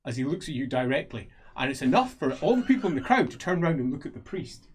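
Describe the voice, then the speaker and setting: Lively man narrating as game master. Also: fairly high pitch, fast, hardly any pauses, breathy edge. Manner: playful, lively storytelling.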